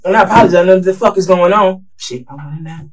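A man's voice: sits high, fast. A man under police interrogation, rambling and profane, mumbling at times and growing agitated at others. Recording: distant mic with faint noise.

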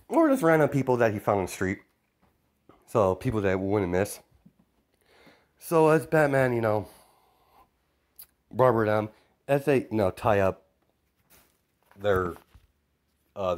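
A man telling an improvised story in a loose, rambling way, with many fillers and chuckles. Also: lowish voice.

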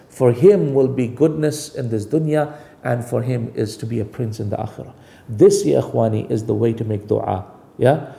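Man, sermon, gravelly voice, dark tone, verse-by-verse explanation. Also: mid-range voice. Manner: recites Arabic verses and explains them line by line, rhetorical questions. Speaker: Islamic preacher. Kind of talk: sermon with Quranic recitation and translation.

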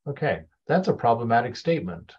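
A man's voice: mid-range voice, sing-song, a little fast, lo-fi sound. A man teaching a group in an informal spiritual talk. He chuckles often and stops, restarts and repeats words as he looks for phrasing. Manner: chuckles often, loose and conversational.

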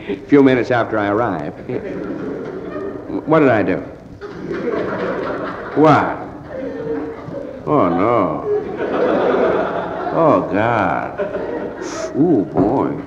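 A man on stage performs a one-sided phone call, groggy and sheepish, stumbling over his words. His pitch swings widely from sigh to yelp. It is an old, dull, hissy vinyl recording with a long, roomy echo. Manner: groggy, stammering, sheepish hungover rambling. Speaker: stand-up comedian.

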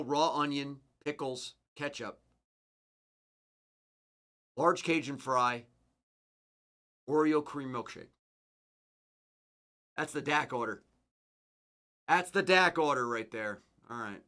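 A man hosting a card break, joking and mournful, swinging from low mutters to loud cravings. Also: takes it slowly, pauses often. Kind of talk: casual live card-break chat.

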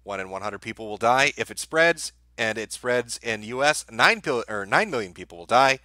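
A man hosting a livestream, reading out viewer messages and answering them in a sardonic, deadpan way with plenty of swearing. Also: mid-range voice, moderate pace, no echo. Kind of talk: casual livestream commentary.

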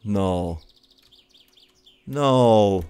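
A young man with a Finnish accent doing let's play commentary, excitable and swearing often at the game. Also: fairly low pitch, extremely slow, clear, resonant tone, no room sound. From Finland. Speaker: gaming youtuber.

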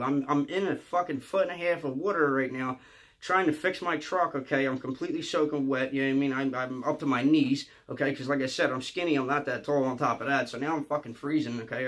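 A man, telling a rambling, profane storytime monologue and ending lines with a quick "okay?". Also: mid-range voice, fairly bright tone. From Philadelphia area. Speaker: comedian.

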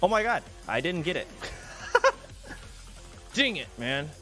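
A man's voice: fairly high pitch, sing-song, slow, sharp tone, soft background music. A young man chatting casually on a livestream, rambling and swearing freely. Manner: rambling, profane, exclaiming.

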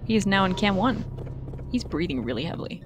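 A woman's voice: medium pitch, sing-song, a little fast, a little hiss or hum. A woman watching cameras in a horror game, teasing her partner and laughing a lot. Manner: teasing, giggly, mock-taunting. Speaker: co-op gaming partner. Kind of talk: casual gaming banter.

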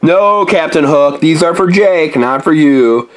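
A woman with a deep, slightly slow voice hosts a playful toy unboxing. She's animated, exclaiming over each toy she finds and coaxing a young helper along.

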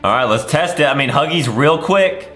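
A man co-hosting gameplay commentary in an upbeat way, reacting with quick exclamations. His voice is fairly high and lively in pitch, with faint game music behind. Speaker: gaming channel co-host.

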